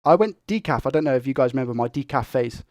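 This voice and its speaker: A young man who talks fast and excitably while hosting a tech live stream and reading viewer comments. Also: medium pitch, dry recording, studio quality. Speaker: tech livestream host.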